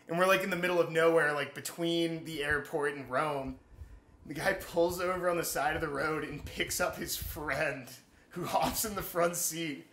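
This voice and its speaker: A man's voice: on the high side, moderate pace, pushed and bright. A young man casually telling a story in an interview, swearing freely and laughing between beats. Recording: roomy echo.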